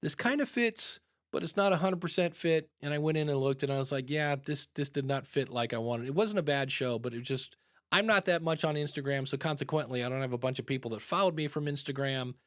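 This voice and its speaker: Animated male podcast host, dry sound. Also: mid-range voice, fast talker, no room sound. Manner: animated, mimics voices in quotes. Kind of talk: casual podcast chat.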